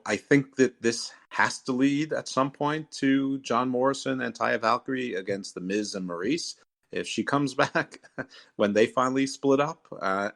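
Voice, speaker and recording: A man with a medium-pitched, slightly bright voice hosts a casual wrestling podcast. He rambles loosely, full of fillers and restarts.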